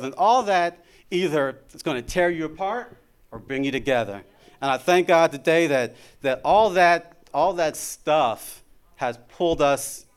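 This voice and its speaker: A man's voice: a little high, smooth. Middle-aged man preaching, chatty and repetitive. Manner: conversational, repeats words often. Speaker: married man giving a church talk. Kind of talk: informal sermon testimony.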